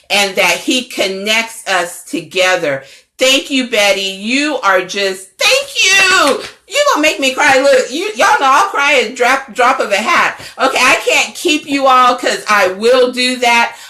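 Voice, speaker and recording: A woman's voice: fairly high pitch, bright, forceful tone. A middle-aged woman, a network founder and coach, giving a fervent, preachy livestream pep talk that repeats its phrases. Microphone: phone or webcam livestream.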